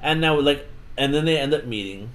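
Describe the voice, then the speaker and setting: This podcast host's voice sits on the high side, animated and fairly quick. He's in a casual book-recap chat, retelling the plot with energy and performing the characters' dialogue.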